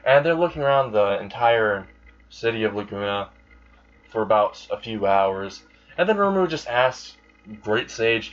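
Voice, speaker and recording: Speaking at a measured pace, a man with a fairly low, expressive voice spins a fan story off the cuff. It rambles, with fillers and corrections along the way, all captured in dull lo-fi sound.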